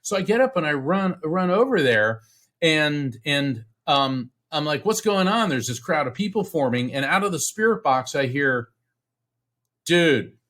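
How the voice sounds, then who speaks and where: A middle-aged man from Central Florida, a podcast guest telling a personal story in an earnest, halting way, with restarts, acting out the voices he quotes. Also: fairly high pitch, sing-song, a bit bright. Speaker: podcast guest, psychic medium. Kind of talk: storytelling in a casual interview.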